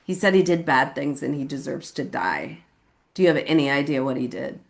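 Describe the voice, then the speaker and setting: A woman from California talks through her personal recovery at a meeting in a creaky voice, fairly fast and with lively intonation. She keeps it casual and chatty with frequent "like" and "you know what I mean," switching to a sudden high pitch when acting out quotes.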